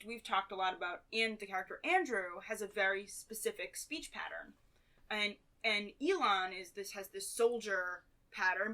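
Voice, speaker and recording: Woman playwright guest, bright, chatty, talks in long run-ons. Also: medium pitch. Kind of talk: casual podcast chat.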